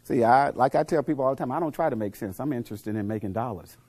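A middle-aged man giving a motivational speech to a live audience, telling coaching stories and quizzing the crowd, dropping to low murmurs and then rising to loud punchlines. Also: quick pace. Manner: preachy storyteller, asks the crowd questions, swings from low murmurs to loud punchlines. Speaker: motivational speaker.

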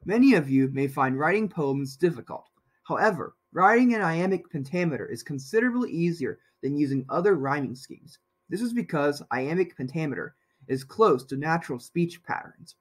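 Husky man with a lively voice. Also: on the high side, moderate pace. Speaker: writing tutor. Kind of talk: scripted narration.

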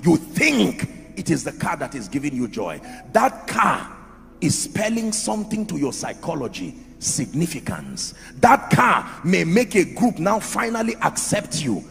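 A man's voice: on the high side, gravelly. A man preaching a sermon in an emphatic style, asking the crowd rhetorical questions. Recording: echoey hall with music under.

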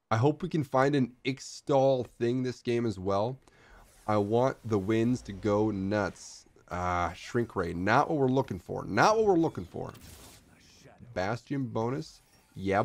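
Animated young male streamer. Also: lowish voice. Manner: excitable, bursts into shouting and laughter. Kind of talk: casual gameplay commentary.

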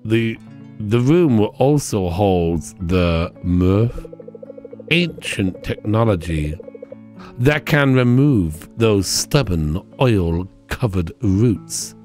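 A man voicing a female scientist villain as a mock evil vampire, speaking slowly and theatrically over game music. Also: fairly low pitch, lively intonation, darkish tone. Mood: sinister. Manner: slow, drawn-out, theatrical villain delivery.

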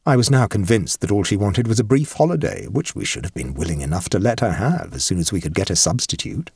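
Male audiobook narrator, husky, animated delivery, measured pacing. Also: lowish voice, dry recording, studio quality. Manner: measured and expressive. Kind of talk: scripted narration of a ghost story.

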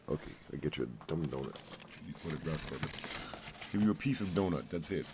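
A man's voice: a bass voice, lively intonation, fairly quick, a little mellow, a little hiss or hum. A man at home filming his pet on his lap, teasing, coaxing and playfully scolding it. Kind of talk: casual home video talking to a pet.

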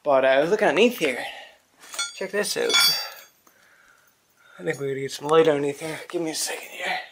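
A small engine repair vlogger with a New England accent chats in his garage workshop, his voice high and his pace a little fast. He wanders from thought to thought, swearing and using plenty of fillers. The recording is very noisy.

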